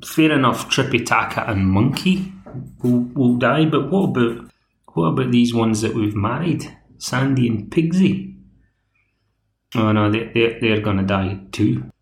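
A man's voice: mid-range voice, lively intonation, unhurried, gravelly, faint music behind. A male podcast host giving a casual, wry episode recap with many asides and restarts. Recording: echoey room.

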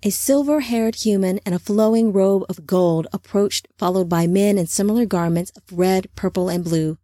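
A woman narrating an audiobook in a steady storytelling manner. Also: medium pitch, normal speed, no room sound, clean studio sound.

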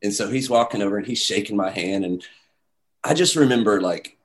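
A man telling a story in casual chat, animated, acting out the voices of the people in it. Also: fairly low pitch, brisk. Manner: animated, acts out quoted voices, many "like"s.

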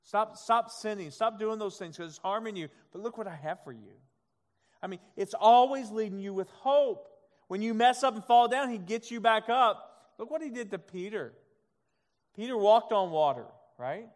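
A male pastor preaching a sermon, swinging from soft, quiet passages to loud, emphatic ones and acting out God's voice in quoted asides. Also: sits high, expressive, moderate pace. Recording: long hall reverb.

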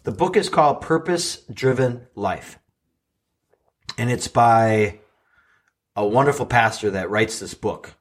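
An earnest male podcast host talks through a hard personal story at a middle pitch. He stumbles, repeats words and restarts sentences as the emotion catches up with him, then pushes on. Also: slow pace, long pauses. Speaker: podcast host and life coach.

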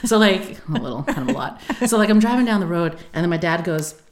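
Woman, podcast co-host, casual chat, laughing, animated storyteller. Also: fast talker. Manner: animated, laughing, acts out quotes in high squeals.

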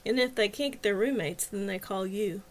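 A woman's voice: medium pitch, normal speed, close to an everyday voice. A woman reading the part of a friendly older male campus police officer, folksy and matter-of-fact. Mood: businesslike.

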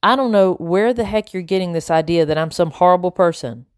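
A woman's voice: on the low side, a little fast, clean tone, dry recording, clean studio sound, lightly acted. A woman reading aloud, voicing a tired, defensive father speaking in a tight, flippant tone.

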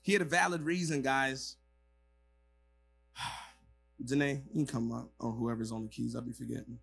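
A male pastor preaching a sermon to a congregation in a church hall, moving from quiet asides to loud, emphatic passages. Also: mid-range voice, level tone, moderate pace, gravelly.

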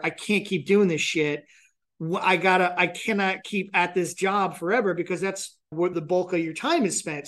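A man in his thirties hosting a podcast interview, speaking candidly and reflectively and acting out his own thoughts in quick asides. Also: high-pitched. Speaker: podcast host and financial advisor. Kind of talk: casual conversational interview.

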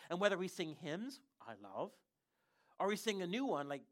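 Pastor for a sermon slot: lively storyteller who trips over their own words, middle-of-the-road pitch. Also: normal speed. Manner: animated storytelling with frequent self-restarts.

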